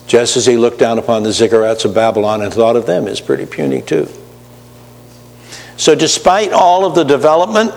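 Male pastor, mid-pitched, conversational sermon, reverberant hall. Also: vocal fry. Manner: conversational preaching with asides to the congregation.

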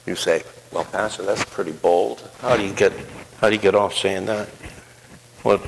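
A male pastor preaching a sermon, swinging between soft, low asides and rising, emphatic declarations. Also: gravelly, husky. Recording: long hall reverb.

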